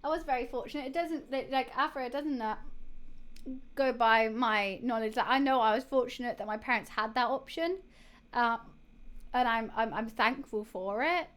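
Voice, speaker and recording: Young female streamer, high-pitched, hiccuping, rambling casual chat. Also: normal speed, fairly bright tone. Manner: rambling, with many fillers and restarts. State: has the hiccups. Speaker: live streamer.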